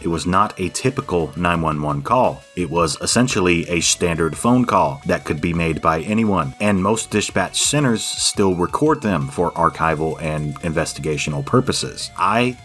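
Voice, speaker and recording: A man delivering serious, clearly spoken scripted commentary as a channel host. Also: sits low, lively intonation, moderate pace, hardly any pauses, a bit bright, faint music behind.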